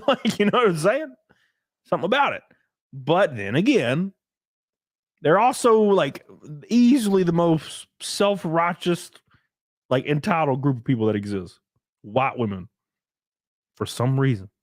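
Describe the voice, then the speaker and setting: A man's voice: fairly high pitch, expressive, measured pace, long pauses, no echo, studio quality. A man hosting a casual solo livestream, rambling and crude, often laughing as he reads out chat comments. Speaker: livestream host.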